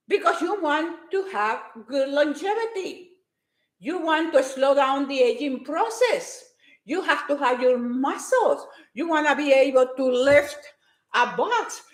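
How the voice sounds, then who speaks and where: A woman's voice: high voice, echoey room. A woman giving a hyper, emphatic motivational talk to her live-stream viewers, repeating her points with force.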